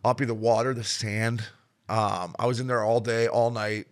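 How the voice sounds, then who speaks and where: A man's voice: mid-range voice, level tone, normal speed. A man co-hosting a podcast, telling loose, profane stories in casual chat. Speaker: podcast co-host.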